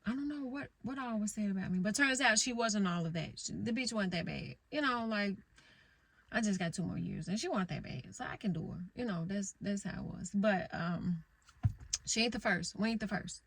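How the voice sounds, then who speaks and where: A woman's voice: medium pitch, animated, fairly quick, creaky, a bit bright. Blunt, rambling middle-aged woman in a car. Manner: rambling, blunt, swears freely. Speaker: vlogger. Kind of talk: casual candid storytelling. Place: parked car.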